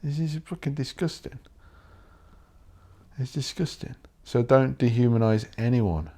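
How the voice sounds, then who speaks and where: A man hosting a solo podcast, rambling bluntly and swearing while he thinks out loud. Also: medium pitch, unhurried. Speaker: podcast host.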